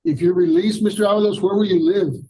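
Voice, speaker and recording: Firm higher-voiced man presiding as judge. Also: fast, low-quality recording. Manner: firm, repetitive, calming commands. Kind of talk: courtroom hearing. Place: courtroom.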